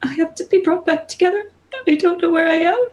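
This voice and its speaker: A woman's voice: extremely high pitch, steady tone, fairly quick, voice pushed up. A woman voicing a sobbing, forsaken ancient goddess. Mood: grieving. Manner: sobbing, repeating a mantra. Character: ancient grieving female goddess, split apart.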